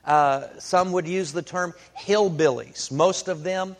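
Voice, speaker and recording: A man preaching a sermon, telling a folksy story in an unhurried way with many fillers. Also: high-pitched.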